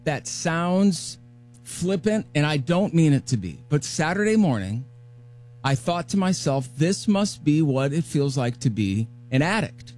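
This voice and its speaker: A man hosting a morning radio show, telling a personal story in a casual, animated way and acting out his own remarks. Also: on the high side, a little slow, faint music behind.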